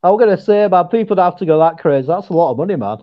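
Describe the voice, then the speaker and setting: A man with a Yorkshire accent joins as a guest, teasing and poking fun at himself. His voice is high for a man and comes through a dull, muffled line. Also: lively intonation, rapid-fire. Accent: Yorkshire English. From Yorkshire, England. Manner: jokey, self-mocking. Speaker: podcast guest. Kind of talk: casual chat.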